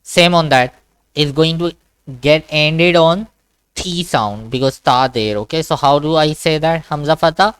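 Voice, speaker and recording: A man's voice: a little high, a little slow, fairly bright tone, clear, resonant tone, dry recording. A man teaching Quran reading in an online one-to-one class over a video call, patiently repeating sounds and checking understanding.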